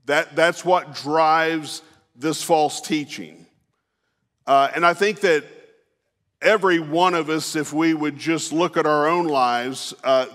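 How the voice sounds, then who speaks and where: A man delivers a sermon in a church, his voice sitting a little high for a man. He talks in a folksy, easygoing way, full of "uh"s and restarts. The sound rings out with the long reverb of a large hall. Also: a bit bright. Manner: folksy, unhurried, with frequent fillers and restarts. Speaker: pastor. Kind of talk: conversational sermon with personal storytelling. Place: church sanctuary.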